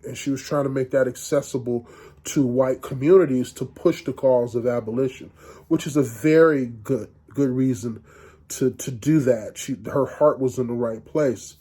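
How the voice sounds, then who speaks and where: A middle-aged man giving a university lecture in a conversational, halting way, with frequent restarts and fillers. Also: medium pitch, mellow.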